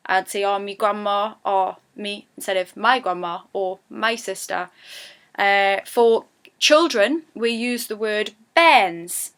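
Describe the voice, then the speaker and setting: Woman, Geordie accent, casual chatty lesson, smooth clear voice, mid-pitched. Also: takes it slowly. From Newcastle, England. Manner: chatty, animated when voicing example phrases. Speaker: YouTuber teaching dialect.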